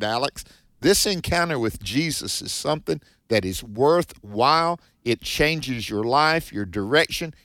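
Male radio preacher, mid-pitched, emphatic scripture teaching, dry close mic. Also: no echo. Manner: warm-hearted, emphatic, reads scripture then comments quickly. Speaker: radio Bible teacher host.

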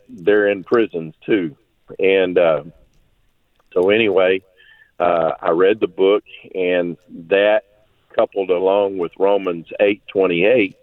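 Man, radio caller, rambling heartfelt testimony, low voice, phone-line sound. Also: dry recording. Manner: rambling, heartfelt, with many restarts. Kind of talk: call-in testimony. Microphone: telephone.

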